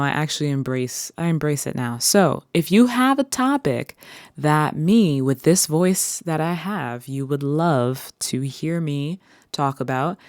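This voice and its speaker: A woman's voice: sits low, darkish tone, no echo, clean studio sound. A woman hosting her own vlog, chatting playfully and rambling as she talks to her viewers. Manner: playful, rambling, drawn-out words. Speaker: host. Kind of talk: casual solo vlog chat. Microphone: listening through headphones.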